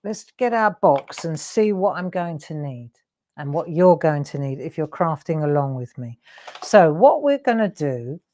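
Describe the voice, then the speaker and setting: A middle-aged woman leads a live craft demonstration in a chatty, encouraging way. Her voice sits a little low for a woman, and she keeps checking in with viewers as she works. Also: darkish tone. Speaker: craft show host.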